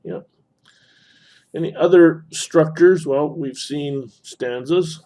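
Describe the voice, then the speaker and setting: A male instructor with a slightly high, mellow voice teaches a literature lesson slowly over a screen recording. He explains while annotating, with frequent fillers and self-corrections.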